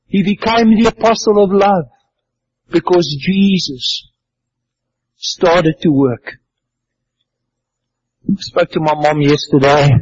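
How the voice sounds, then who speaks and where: A man's voice: fairly high pitch, a little mellow, breathy edge. An older man with a South African accent preaching a sermon, telling stories in an earnest, emphatic way. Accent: South African English. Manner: earnest storytelling, slow and emphatic. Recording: dull lo-fi sound.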